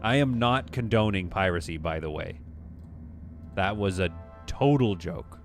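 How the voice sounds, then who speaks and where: A man's voice: low voice, expressive, measured pace, soft background music. A man streaming a space-building game, chatting casually, rambling, and reading viewer messages aloud. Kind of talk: casual live-stream commentary.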